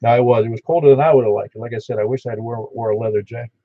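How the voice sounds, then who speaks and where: A man's voice: medium pitch, fairly even intonation, very fast, no echo. A man running an amateur radio net, chatting casually with callers and reading out call signs in a folksy way. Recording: dull lo-fi radio audio.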